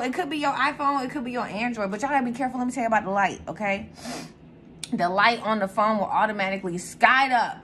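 A young woman hosting her own channel in casual, animated chat, swearing freely and jumping to sudden high squeals. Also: slight background noise. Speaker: tarot reader and channel host.

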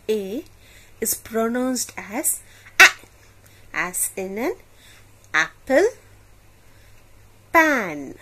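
A woman teaching a phonics lesson for children, slowly saying each sound and asking the listener to repeat. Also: mid-range voice, sing-song, pushed and bright, breathy edge.

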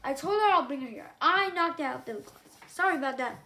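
A woman reading aloud and voicing a loyal young male dragon who insists loudly on taking the blame. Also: high voice, animated, a little fast, full character voice. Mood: insistent. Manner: insistent, earnest.

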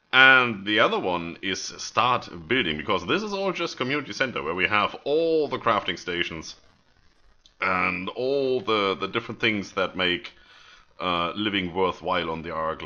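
A man's voice: low-pitched, pushed and bright, dull audio. A man hosting a gaming video, giving casual, self-amused commentary to viewers as he plays. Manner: chatty, self-amused, talks to viewers while playing.

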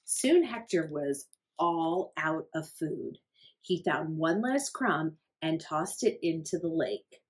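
A woman reading a picture book aloud to children at library storytime, pausing to ask the young listeners hushed questions. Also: low voice, expressive, low-quality recording.

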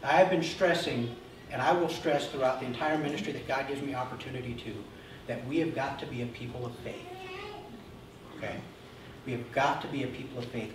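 A man preaching an Easter sermon as pastor, talking to the congregation and often checking in with "Okay?". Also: mid-range voice. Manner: animated, acting out Bible figures. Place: church sanctuary. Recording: very echoey room, voice from a distance, faint noise.

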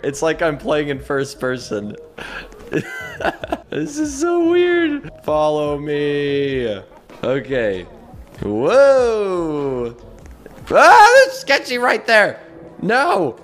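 A man giving jokey let's play commentary as he plays, excitable and talking straight to his viewers. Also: on the high side. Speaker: gaming YouTuber.

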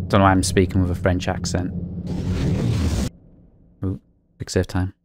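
A man's voice: low voice, completely flat delivery, normal speed, pauses often. A man giving casual running commentary while playing a video game, chatting and reacting aloud to what happens on screen. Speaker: gaming YouTuber. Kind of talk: gameplay commentary. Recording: voice over loud game music. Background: game music.

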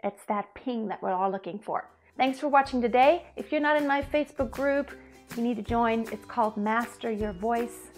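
Bright-voiced woman vocal coach. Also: fairly high pitch, normal speed, soft background music. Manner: explains with sung demonstrations. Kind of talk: singing lesson.

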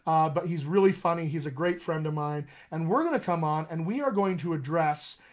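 American man, fairly high voice, rambling and friendly as he hosts a live-stream coaching session. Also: a little fast. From United States. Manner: chatty, rambling, addresses viewers by name. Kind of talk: casual live-stream chat to viewers.

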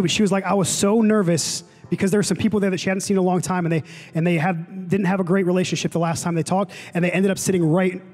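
A young man preaching a sermon to a college ministry, casual and excitable with lots of fillers. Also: high-pitched. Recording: long hall reverb, faint music.

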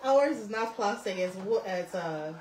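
A woman's voice: mid-range voice, expressive, measured pace, a little mellow. A woman who directs the cooking at home in a casual, bossy way. She gives instructions and teases. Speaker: co-host of a couple's vlog. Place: home kitchen. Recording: echoey kitchen, distant mic, background noise.

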